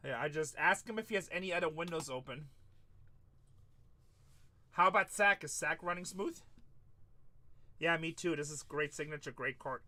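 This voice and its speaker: Male live card-break host with a high, sharp voice and a chatty, bantering manner. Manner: chatty banter with viewers, quick apologies. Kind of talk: casual live-stream chat.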